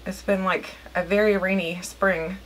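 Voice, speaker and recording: A woman's voice: mid-range voice, fairly even intonation, unhurried, slight background noise. A woman chatting casually to her viewers while doing her makeup, rambling and poking fun at herself. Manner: chatty, rambling, self-deprecating. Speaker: beauty vlogger. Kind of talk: casual get-ready-with-me chat.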